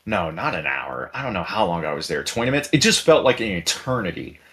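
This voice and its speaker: A man telling a story in casual podcast chat, animated and profane, acting out the people he quotes. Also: low-pitched, fast. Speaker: podcast host.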